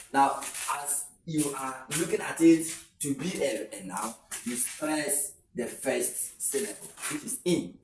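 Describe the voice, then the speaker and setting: A man's voice: mid-range voice, distant mic. A man from Nigeria walks students through an exam lesson and repeats key words to drive each point home. He sounds a little away from the microphone, and the room rings with echo under a faint hiss. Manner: repeats words for emphasis, explains step by step. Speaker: teacher. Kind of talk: exam tutorial lecture. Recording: echoey room, voice a little off-mic, faint noise.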